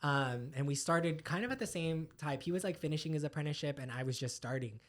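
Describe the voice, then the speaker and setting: A man who is a tattoo artist guest, telling stories in a rambling, animated way full of fillers. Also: on the high side, fast. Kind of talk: casual podcast chat.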